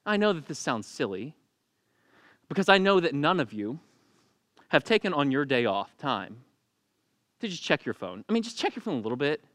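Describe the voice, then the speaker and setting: A man's voice: on the high side, very animated, moderate pace, long pauses, a bit bright, no room sound, studio quality. A man preaching a sermon in a casual, humorous storytelling manner, acting out the people he quotes. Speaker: pastor.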